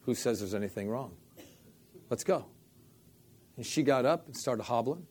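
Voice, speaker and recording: A man's voice: mid-range voice, moderate pace, slight background noise. A middle-aged man, a minister, telling a story in an interview and acting out the dialogue. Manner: animated storyteller, acts out quoted dialogue, repeats "I said".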